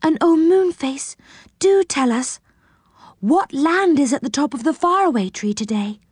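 A woman voicing a gentle, kind fairy girl. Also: sits high, expressive, a little slow, dry recording, studio quality, pitched above the performer's own voice. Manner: soothing, kind.

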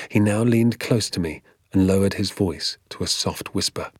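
Measured man narrating a storybook. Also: low voice, husky, dry recording, clean studio sound. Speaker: audiobook narrator. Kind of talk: scripted narration.

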